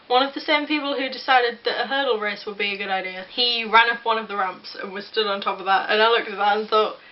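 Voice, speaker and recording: A woman's voice: medium pitch, fast, highs cut off. A young woman with an English accent, casually telling a self-deprecating story to camera with frequent restarts. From England. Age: young adult. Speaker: vlogger.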